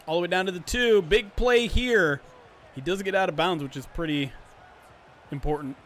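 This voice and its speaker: A man calling a simulated football game on a livestream, switching between animated play-by-play and chatty asides to his viewers, often clearing his throat. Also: a little high, moderate pace, long pauses, slight background noise. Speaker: streamer doing play-by-play. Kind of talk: livestream sports play-by-play commentary.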